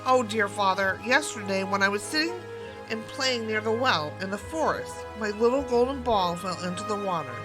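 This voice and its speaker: A woman's voice: medium pitch, animated, normal speed, lightly acted, low-quality recording. A spoiled young storybook princess, voiced by a woman reading aloud, whiny and emphatic as she makes her excuses. The voice sits close to the reader's own, with music playing behind. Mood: fretful.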